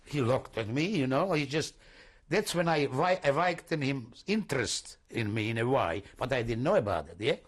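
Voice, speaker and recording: Older man giving halting testimony. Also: medium pitch, lively intonation, breathy edge. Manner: halting, searching for words, repeats himself; non-native English, broken grammar. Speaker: interviewee. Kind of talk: oral history testimony.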